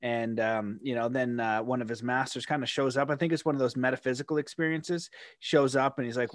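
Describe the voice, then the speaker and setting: A man's voice: mid-range voice, fairly even intonation, a little fast, no echo, studio quality. A man hosting a podcast interview, telling stories in a loose, rambling way and slipping into playful paraphrased quotes. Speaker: podcast host. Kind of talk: casual conversational interview.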